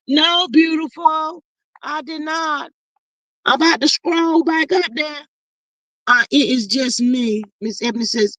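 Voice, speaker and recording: A woman hosting a livestream, reading viewer comments aloud in animated, gossipy chat and calling out to y'all. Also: high-pitched, slow pace, pauses often, dry recording. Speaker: livestream host.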